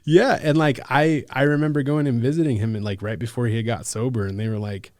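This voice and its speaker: A man from Alaska working as a case manager, telling his own story in a casual, slangy podcast chat full of "like" and "bro" and quick laughs. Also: mid-range voice, steady tone, crowd noise.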